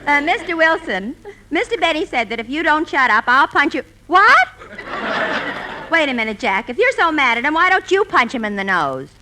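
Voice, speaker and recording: Sarcastic woman, radio comedy regular, bright and lively. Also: sits high, brisk, a faint crowd, a little hiss or hum. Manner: wry, sarcastic quips.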